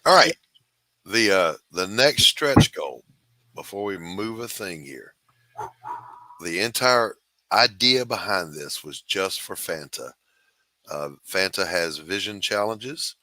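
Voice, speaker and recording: Very deep, bright-toned man. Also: expressive, slow pace. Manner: upbeat, salesy and matter-of-fact. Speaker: host. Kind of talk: casual chat and crowdfunding pitch.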